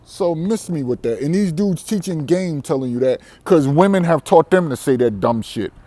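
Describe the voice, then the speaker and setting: A man's voice: a little high, lively intonation, moderate pace, warm tone, dry recording. A man vlogging a brash, defiant monologue to camera, boastful and profane, often breaking into laughter. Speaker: vlogger on dating abroad.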